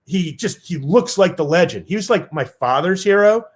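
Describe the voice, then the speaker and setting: A man's voice: high-pitched, animated, moderate pace, husky. A man telling a personal story on stage in a loose, casual way with lots of filler words.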